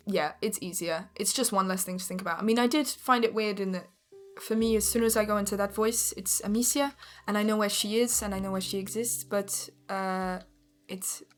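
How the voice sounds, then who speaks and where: An English woman with a mid-pitched voice answers questions as a guest on a live stream. She talks in a giggly, rambling, easygoing way into a shared mic, with soft music faintly behind her. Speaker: guest voice actor. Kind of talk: casual live-stream chat. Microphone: one mic shared with the host.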